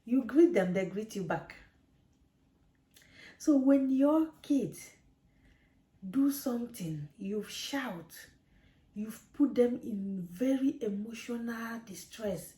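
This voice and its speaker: A woman's voice: a little high, lively intonation, slow, long pauses, mellow. A woman, a mother, talking straight to camera with parenting advice, earnest and preachy and repeating her points. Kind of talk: direct-to-camera advice talk. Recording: echoey room.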